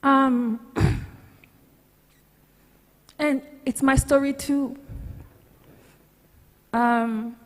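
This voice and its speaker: A woman's voice: high-pitched, fairly even intonation, slow pace, long pauses. A woman speaking at a youth conference, near tears, apologizing and laughing as she speaks. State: on the verge of crying. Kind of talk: emotional speech. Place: large conference hall. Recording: echoey hall, long reverb.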